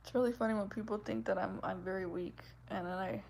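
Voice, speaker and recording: A woman in her twenties chatting casually with her viewers, with a soft, gentle voice and a giggly, rambling way of talking that is full of "like". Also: mid-range voice, steady tone, fast talker, vocal fry, a little hiss or hum. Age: 20s. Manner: chatty, giggly, fills speech with "like". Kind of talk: casual livestream chat.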